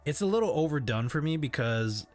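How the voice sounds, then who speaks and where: A man's voice: fairly high pitch, animated, a little fast, faint music behind. A man hosting a livestream in casual chat, rambling and hesitant with frequent restarts. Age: adult parent. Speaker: livestream host.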